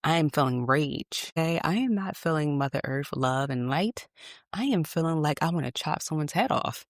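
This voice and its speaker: A woman's voice: sits low, lively intonation, moderate pace, no echo, clean studio sound. A woman hosting a reflective solo podcast, talking candidly and emphatically with salty asides. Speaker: podcast host.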